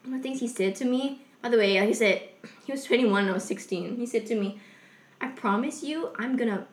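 A woman's voice: a little high, brisk. Young woman rambling in an echoey room. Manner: rambling, filler-heavy, with a soft confessional tone. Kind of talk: casual personal storytelling.

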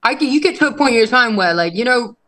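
Casting: woman wrestler guest, lively storyteller, salty language, acts out dialogue. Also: a little high, fast, poor audio. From England. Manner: animated, swears often, acts out quotes. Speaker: interview guest, professional wrestler. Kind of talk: casual storytelling chat.

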